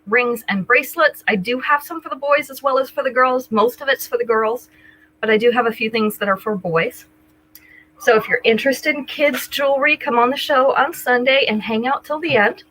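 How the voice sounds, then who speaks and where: With a high, bright and forceful voice, an older woman hosts a live-stream jewelry sale, greeting viewers by name and describing each item in casual chat. The recording is rough.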